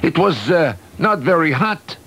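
A man reading a children's story aloud, lively and expressive, with occasional fillers. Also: on the high side, measured pace, husky, poor audio.

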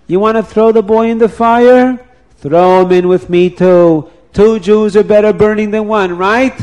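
A man voicing a poor old Jewish man, calm, dry and defiant in a told story. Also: high-pitched, unhurried, voice pushed up. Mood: daring.

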